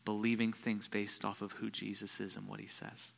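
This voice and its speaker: A man preaching a sermon as a visiting pastor, telling stories and swinging from quiet, low passages to loud, excited bursts. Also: normal speed, creaky, in a large hall. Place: church.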